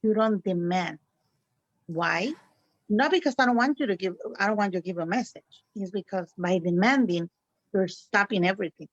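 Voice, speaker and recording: A Spanish-speaking woman, appearing as a guest spiritual reader in a conversational interview, talks with real feeling and laughs often, her phrasing marked as non-native. Her voice is medium-pitched at a moderate pace, and the call audio is dry and muffled.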